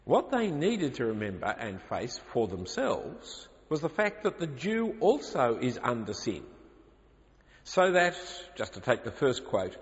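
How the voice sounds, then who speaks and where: A man's voice: mid-range voice, huge pitch swings, a little slow. A man preaching a sermon, arguing emphatically with rhetorical questions. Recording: lo-fi, reverberant hall.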